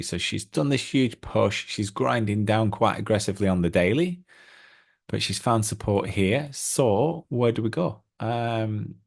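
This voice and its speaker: A middle-aged man hosting a crypto trading channel, chatting casually through charts with lots of ums and excited asides. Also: fairly low pitch, gravelly, slightly rough.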